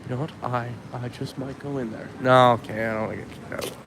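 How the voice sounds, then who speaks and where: A man's voice: medium pitch, steady tone, fairly quick, vocal fry, fairly bright tone, poor audio. A young man from Winnipeg rambling casually while walking outdoors with a handheld camera, full of likes and ums. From Winnipeg, Canada. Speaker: vlogger. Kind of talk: casual walking vlog monologue. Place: outdoors on a city street. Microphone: handheld camera rig while walking. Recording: street noise and passing cars. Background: city traffic.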